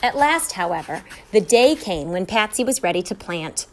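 A woman reading a children's story aloud, with an expressive storytelling lilt. Her voice sits at an average pitch for a woman. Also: normal speed. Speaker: reader.

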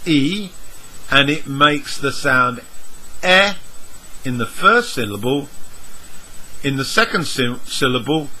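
A man teaching English vowel sounds, spelling out letters and sounds one at a time in a measured lesson. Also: a little high, sharp tone, breathy edge, poor audio. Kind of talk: slow, deliberate lesson explanation.

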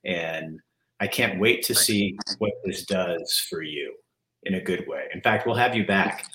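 A man's voice: sits low, measured pace, sharp tone, a little hiss or hum. A middle-aged man hosting an interview, talking in an earnest, candid and emotional way. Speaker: podcast host. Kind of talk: heartfelt interview chat. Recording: roomy echo.

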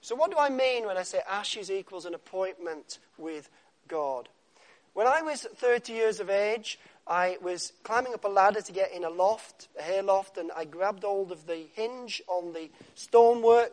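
A man preaching a sermon, with dramatic pauses and a voice that drops to a soft hush on key words. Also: sits high.

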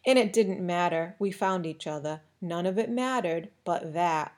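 A woman's voice: lowish voice, moderate pace, darkish tone, natural voice. A woman voicing a determined young boy who speaks firmly and defiantly, raising his voice, in an audiobook reading. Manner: firm, defiant, raised voice.

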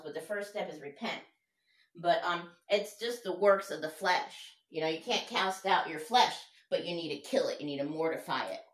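A woman's voice: on the low side, a bit bright. A woman preaching an informal sermon in an earnest, conversational way. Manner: earnest, conversational, fumbles while looking up verses. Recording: echoey room.

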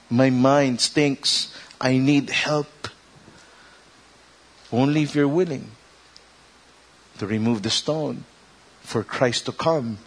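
A man preaching a sermon as a pastor, mixing English and Tagalog and building to loud, emphatic declamations. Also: medium pitch, husky. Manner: switches between English and Tagalog, rising to loud declamations when quoting Jesus.

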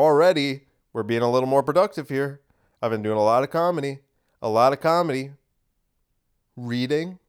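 A young man hosting a podcast, delivering a heated, combative monologue that swings between loud and quiet. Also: medium pitch, smooth. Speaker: podcast host. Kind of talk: ranting monologue.

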